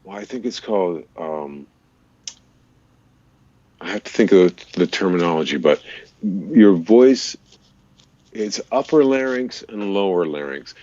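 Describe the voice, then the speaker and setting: A man, a voice-over artist and radio DJ, chatting in an interview and explaining voice technique in an easy way, with a deep, resonant voice. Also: animated, a little slow, long pauses, mellow, no room sound, lo-fi sound. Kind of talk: casual interview chat.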